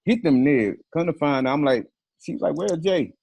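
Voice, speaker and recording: Animated man telling a story, dry sound. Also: fairly high pitch, normal speed, gravelly, no echo. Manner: animated, profane, acts out quoted phone calls. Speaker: interview guest. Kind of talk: casual storytelling interview.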